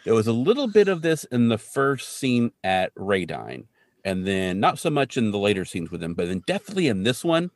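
A man co-hosting a podcast, recapping a TV episode in a chatty, animated way full of asides. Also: lowish voice, fairly quick, no echo, studio quality. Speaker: podcast co-host. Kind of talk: casual chat recapping a TV episode.

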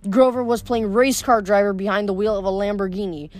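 A woman's voice: mid-range voice, fairly quick, darkish tone. A woman reading a novel aloud in a plain voice, with small stumbles and self-corrections. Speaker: audiobook reader.

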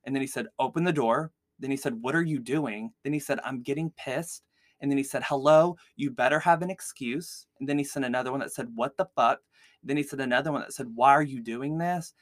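Male podcast host, mid pitch, casual filler-heavy storytelling, dry recording. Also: brisk, no echo. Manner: chatty, heavy use of "like" fillers. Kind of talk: casual true-crime storytelling.

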